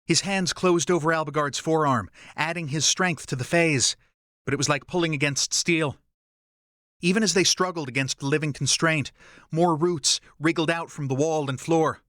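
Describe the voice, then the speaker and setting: A man narrating an audiobook in a steady, even storytelling voice. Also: a little high, normal speed, no room sound, clean studio sound. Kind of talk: scripted narration.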